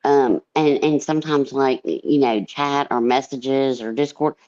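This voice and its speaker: Low-voiced, blunt, rambling woman on a stream. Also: steady tone, a little slow, mellow, muffled recording. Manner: rambling, blunt and profane, many fillers. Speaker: livestream panel guest. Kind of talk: casual chat.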